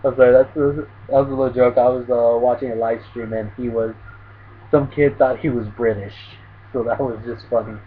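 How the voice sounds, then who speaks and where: A man's voice: medium pitch, fairly even intonation, brisk, phone-quality sound, slight background noise. A man casually chatting through an anime tag video as a vlogger, rambling with lots of fillers.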